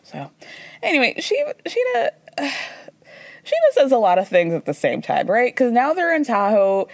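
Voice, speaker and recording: A woman hosting a podcast, recapping reality TV in a chatty, sarcastic way with quick asides and playful impressions of the people she quotes. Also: fairly high pitch, huge pitch swings, no echo. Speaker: podcast host. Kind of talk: casual recap commentary.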